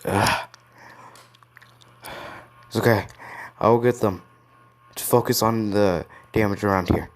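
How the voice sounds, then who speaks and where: A man's voice: on the low side, steady tone, normal speed, long pauses, lightly acted. A man voicing a badly wounded male hero, brave and stubborn, speaking in a raised, strained way. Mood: determined.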